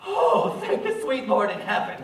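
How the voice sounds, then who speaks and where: A fretful blustering producer. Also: male voice, very high-pitched, big pitch swings, normal speed, full character voice. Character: anxious male producer with a weak heart, fussy. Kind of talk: live stage musical acting. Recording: echoey hall with loud music, distant.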